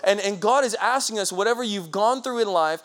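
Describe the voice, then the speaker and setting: Man pastor, high voice, animated lively sermon with chuckles, church stage. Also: brisk. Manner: lively, conversational preaching with laughs and acted-out quotes.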